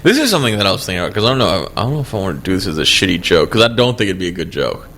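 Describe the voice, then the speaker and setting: A man's voice: low-pitched, very animated, rapid-fire, a bit bright, a little hiss or hum. A man co-hosting a comedy podcast, talking casually with crude jokes and frequent laughter. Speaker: podcast co-host.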